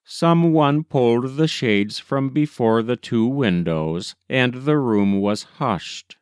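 Male audiobook narrator, measured and gentle, unhurried with a smooth, dry close-up sound. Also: mid-range voice, lively intonation, no echo. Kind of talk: scripted narration.

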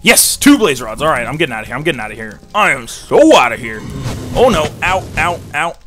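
A man giving excited gameplay commentary, repeating phrases rapidly under pressure. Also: on the high side. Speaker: gameplay channel host. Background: loud background music.

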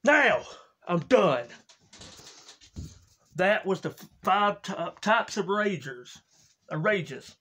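A man narrates his comedy sketches in an unpolished, casual way, stopping to restart his lines. He speaks slowly in a fairly high voice. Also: animated, sharp tone. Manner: slow, unpolished explaining with restarts. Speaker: comedy video creator.

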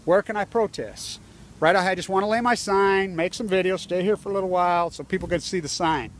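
A man's voice: high voice, a little fast, a little hiss or hum. A man filming himself outdoors on a phone, angrily ranting with heavy profanity and a lot of repetition. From United States. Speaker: protester. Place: outdoors by a building entrance.

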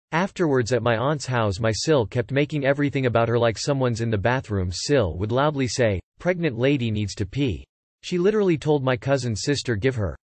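A man narrating, reading online posts and comments aloud in a steady, matter-of-fact way. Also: mid-range voice, no echo.

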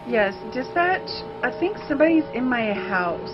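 Woman as a frightened high-voiced caller, panicky and stammering, over loud music. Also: very animated, moderate pace, highs cut off. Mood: scared. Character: frightened woman calling police dispatch.

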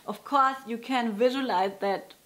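A woman with a fairly high, unhurried voice runs a casual guitar lesson. She's talkative, frequently cutting in on herself to correct things and laughing at her own mistakes, over loud guitar playing behind her.

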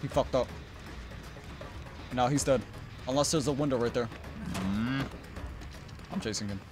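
A man giving live gameplay commentary, muttering under his breath and then yelling profane taunts at other players. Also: a little slow, music in the background. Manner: mutters low, then bursts into loud taunting yells; profane, trash-talking. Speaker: gaming YouTuber.

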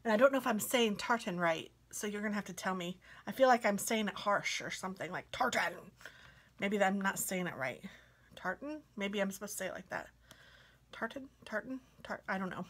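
A woman craft vlogger chatting casually as she unboxes mail, gushing sweetly and sometimes dropping to a soft whisper. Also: mid-range voice, fast talker, few pauses.

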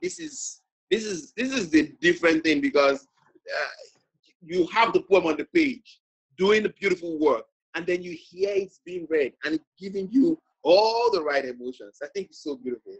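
A man hosting an online book discussion, halting and repeating words as he reads out audience comments. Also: high voice, wildly swooping pitch, creaky, breathy edge, poor audio. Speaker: host and moderator.

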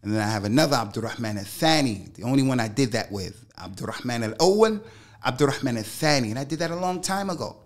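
A man's voice: mid-range voice, animated, fast talker. Emphatic middle-aged man telling a story. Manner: emphatic and slangy, repeats phrases for weight. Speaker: guest, Islamic scholar. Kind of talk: interview storytelling.

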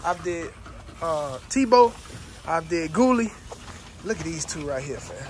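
Middle-aged man, high voice, slangy casual vlog, dog yard with barking around him. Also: sing-song, measured pace. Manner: loose slangy talk, calls viewers fam, shouts at dogs. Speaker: dog kennel owner. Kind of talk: casual vlog while doing kennel chores. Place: outdoor dog yard with kennels. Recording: outdoor yard noise with dogs barking. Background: dogs barking.

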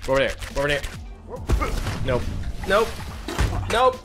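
A man's voice: on the high side, animated, moderate pace, over music. A man giving gameplay commentary, self-mocking and chatty, talking to himself and his viewers. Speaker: gaming YouTuber.

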